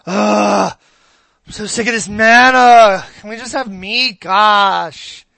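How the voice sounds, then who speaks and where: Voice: mid-range voice, slow, vocal fry, bright, forceful tone, dry recording, full character voice. A preacher putting on the voice of a whiny, complaining teenager with exasperated, sighing complaints.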